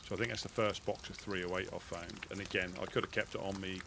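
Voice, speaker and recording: A man in roleplay chat inside a survival game, talking in a relaxed, rambling way. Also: low voice, quick pace, creaky, noisy background.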